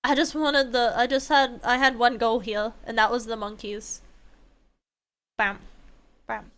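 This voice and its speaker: A young woman streams a game and talks her way through it, rambling, swearing and bursting into excited shouts. Her voice sits high and sounds bright and crisply clean. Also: unhurried. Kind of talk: casual gameplay chat.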